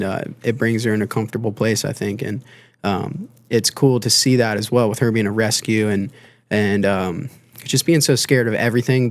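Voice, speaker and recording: A man with a lowish voice chats loosely on a podcast, wandering through his thoughts with plenty of ums and restarts. The sound is dry and close, with no room around it. He talks like a band member telling stories in a studio. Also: dry recording. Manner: rambling, with many fillers and restarts. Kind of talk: casual podcast conversation.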